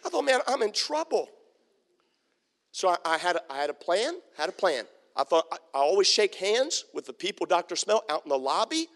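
Speaking fairly quickly with few pauses, a high-voiced pastor preaches in a church sanctuary, his voice trailing off in long reverb. His sermon is animated storytelling full of humor and acted-out quotes from the people involved.

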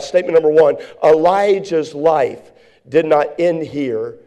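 Male pastor, high-pitched, sermon delivery with rising shouted emphasis. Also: normal speed.

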